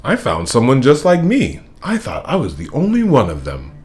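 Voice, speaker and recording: A man's voice: medium pitch, huge pitch swings, normal speed, a little mellow. A man reading a storybook aloud, voicing a bouncy, cheerful young male tiger who talks boastfully.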